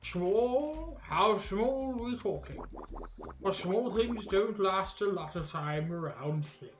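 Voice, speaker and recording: Gruff Southern alligator witch, as a woman puts her on. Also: mid-range voice, lively intonation, slow, slight background noise. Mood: grumpy. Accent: put-on American Southern. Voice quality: drawling, sardonic. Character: gruff grumpy old female alligator witch.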